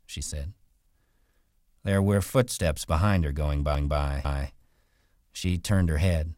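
A man reading a novel aloud in a steady, low-key delivery, voicing the characters himself. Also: slow pace, pauses often, no room sound, studio quality. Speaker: audiobook narrator. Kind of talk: storybook reading.

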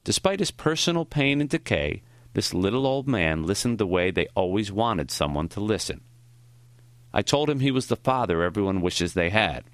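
A man narrating a first-person memoir audiobook in a reflective, measured way. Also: lowish voice, lively intonation, no echo.

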